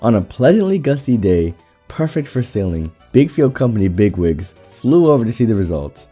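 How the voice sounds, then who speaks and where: A man reading an online story aloud in a steady, wry storytelling manner. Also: on the low side, normal speed, soft background music. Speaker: story narrator.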